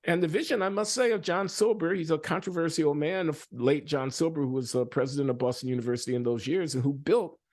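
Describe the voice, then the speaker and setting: An older man speaking as an interviewee in a reflective conversation, pausing and restarting often and growing animated when he tells a story. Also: fairly high pitch. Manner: halting, with many restarts and fillers, animated when retelling stories. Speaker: interviewed economist.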